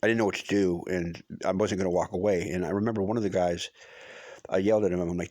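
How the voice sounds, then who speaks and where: A man's voice: low voice, steady tone, quick pace, a little mellow, no echo. A middle-aged man telling a personal story in a casual, rambling way, restarting often and swearing for emphasis. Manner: rambling, with many restarts and fillers.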